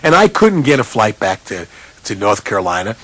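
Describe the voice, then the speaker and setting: A college basketball coach telling a self-mocking, animated story in a humorous speech, jumping up in pitch to imitate other people. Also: male voice, moderate pace, breathy edge, no room sound. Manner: animated, jumps high for quoted voices.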